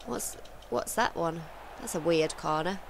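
A woman playing a football video game and reacting loudly, shouting at her players and laughing, with the mic very close to her face. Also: fairly low pitch, a little slow, creaky. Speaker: gameplay streamer. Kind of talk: excited gameplay chat. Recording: close-miked with faint background noise.

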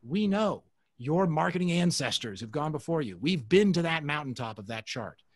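A man's voice: fairly high pitch, expressive, normal speed, breathy edge, no echo. A man presenting a webinar on a video call, enthusiastic and motivational, often calling the audience folks. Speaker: webinar speaker.

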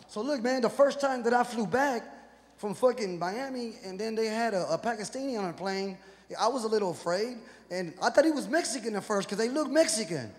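On stage at a live comedy venue, a Houston, Texas stand-up comedian talks fast in a high voice. He's profane and animated, acting out voices, and the echoey hall carries crowd noise from the audience.

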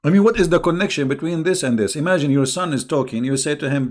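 A man's voice: fairly high pitch, expressive, fast talker, hardly any pauses, a little mellow. A middle-aged man hosting a casual online livestream, talking in a sarcastic, mocking way and chuckling often. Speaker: online religious debate host.

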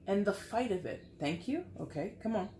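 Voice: medium pitch, darkish tone, slight background noise. Frank, sighing tarot reader in an echoey room. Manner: frank, conversational, swears, sighs often. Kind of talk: casual tarot reading to camera. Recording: echoey room with faint ambience.

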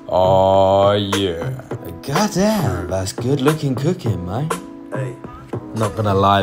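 A young man narrating a home cooking video in a casual, joking way, with sardonic asides and easy laughs. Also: sits low. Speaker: cooking vlogger. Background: background music.

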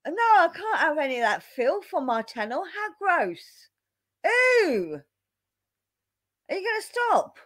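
A woman's voice: high-pitched, sing-song, normal speed, few pauses. A woman hosting a casual stream chat, teasing and exasperated, laughing often. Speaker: streamer host.

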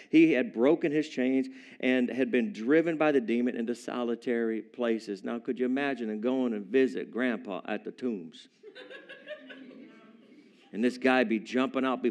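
A man preaching a sermon to a live congregation, retelling a story in a playful, animated way with chuckling asides. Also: mid-range voice. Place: church service with a live congregation.

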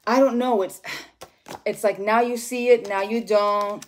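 A woman giving a casual tarot reading, rambling and expressive and swearing freely. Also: mid-range voice, a little slow. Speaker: tarot reader.

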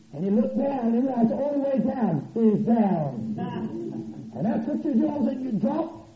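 A man preaching a revival sermon in a church, folksy and joking, swinging from loud to soft. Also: very high-pitched. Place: church sanctuary. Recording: echoey church, dull old tape.

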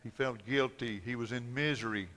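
Male pastor preaching with dramatic storytelling, forceful bright voice, long church reverb. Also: mid-range voice, normal speed. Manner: dramatic storytelling, swinging from loud to hushed. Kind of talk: sermon. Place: church sanctuary.

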